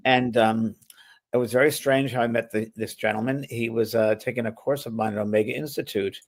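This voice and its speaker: A man who is a medium hosts a spiritual talk show, speaking fairly quickly in a steady, mid-range voice. His casual chat rambles a little, with frequent restarts and laughter as he talks.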